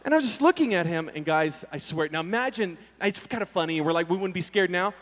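A man preaching a storytelling sermon to young people, acting out scenes with voices and sudden loud bursts. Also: high-pitched, fast. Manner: animated, acts out scenes with voices and sudden shouts. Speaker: youth pastor. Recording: reverberant hall.

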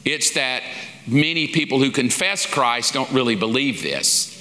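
A pastor with a medium-pitched, sharp voice teaches at a measured pace yet stays animated. In this folksy, conversational sermon from a lesson series, he acts out little quoted asides, and the sound carries a large hall's long reverb.

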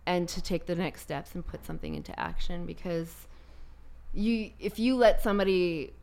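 A woman in a casual conversation as a guest, telling stories in an animated way and laughing often. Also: fairly low pitch, moderate pace.

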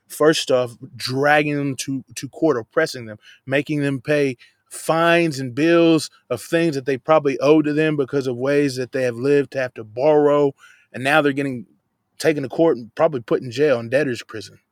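A man's voice: medium pitch, no echo, studio quality. A man giving a casual, conversational verse-by-verse Bible teaching, emphatic at points and dropping slangy asides.

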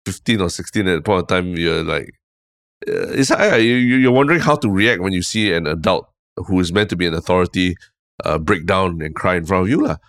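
A podcast co-host with a deep, low voice and a Singaporean English accent chats casually, telling stories in a relaxed, rambling way and often saying "lah." He talks fairly quickly, and the sound is close and dry with no room sound.

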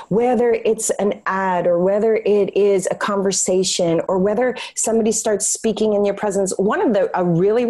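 A woman's voice: mid-range voice, warm tone. Earnest woman repeating words for emphasis. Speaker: guest. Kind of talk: casual podcast conversation.

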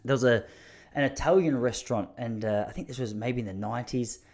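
An Australian man telling funny stories in a loose, meandering way, often poking fun at himself. His voice sits at an ordinary mid pitch. He sounds casual and chatty, like he is talking to listeners on a podcast. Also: brisk, darkish tone. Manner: rambling, self-mocking, chatty. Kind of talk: casual comic storytelling monologue.

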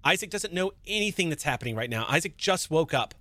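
A man's voice: on the high side, expressive, quick pace, pushed and bright, no echo, voice pushed up. A man voicing an anxious woman who pleads urgently to be heard. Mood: pleading. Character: anxious, insistent young woman confessing.

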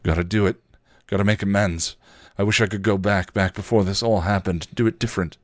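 A man voicing a starving, dying male vampire who talks in a weak, strained croak with a put-on accent. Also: fairly low pitch, fairly even intonation, a little fast, no echo, clean studio sound, lightly acted. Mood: defiant.

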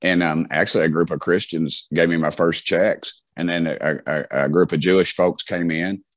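A man's voice: low-pitched, fairly even intonation, moderate pace, no room sound. A middle-aged man with a Southern US accent, telling folksy stories as an interview guest, with many restarts and fillers. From Tennessee. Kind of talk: casual storytelling.

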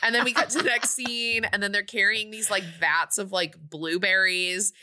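Bright-voiced woman in her late 20s, chatty movie recap, keeps acting out the characters. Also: mid-range voice, steady tone, moderate pace. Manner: chatty, acts out characters' lines, laughs often. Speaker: podcast co-host.

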